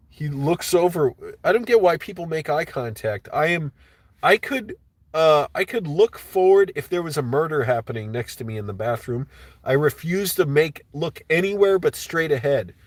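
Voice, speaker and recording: A man's voice: on the high side, lively intonation, normal speed, no echo. A man hosting a livestream, ranting casually and angrily with lots of swearing. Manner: profane, agitated ranting. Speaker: livestream host.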